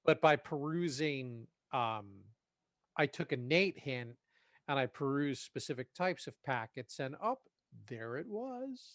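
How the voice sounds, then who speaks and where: A man's voice: mid-range voice, lively intonation, a little slow, dry recording. Man chatting on a podcast, dry mic. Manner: hesitant, self-deprecating, with restarts. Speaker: podcast co-host. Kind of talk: casual chat.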